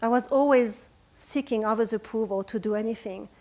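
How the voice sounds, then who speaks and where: A woman's voice: a little high, fairly quick, darkish tone. A woman in her forties with a French accent, giving an earnest, emotional motivational talk at a retreat. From France. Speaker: speaker. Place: retreat conference room.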